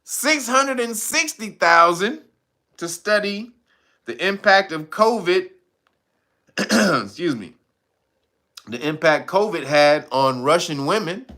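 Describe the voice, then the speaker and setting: A man's voice: high voice, animated, takes it slowly, long pauses, sharp tone. A man hosting his own channel, giving mocking comedic commentary, laughing often and swearing freely. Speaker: channel host.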